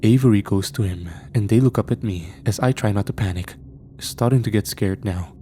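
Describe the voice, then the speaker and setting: Dark-voiced man narrating a horror story. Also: on the low side, a little fast, slight background noise.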